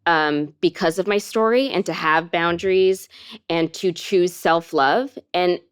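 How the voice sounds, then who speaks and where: A young woman guest in an interview, speaking candidly in a soft, halting way with many fillers. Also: on the low side, clean tone. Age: young adult.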